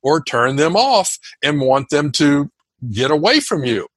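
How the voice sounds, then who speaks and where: A man being interviewed as a communication coach, talking with high energy and setting out his points as emphatic lists. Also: sing-song, a little slow, fairly bright tone, husky, no echo. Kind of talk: animated interview talk.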